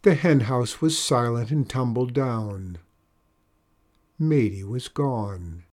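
A man narrating a children's storybook aloud in a slow, expressive way. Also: medium pitch. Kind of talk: storybook reading.

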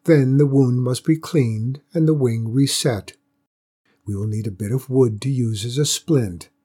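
A man voicing a brave young village maiden and healer, steady and resolute. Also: medium pitch, a little slow, breathy edge. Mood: calm.

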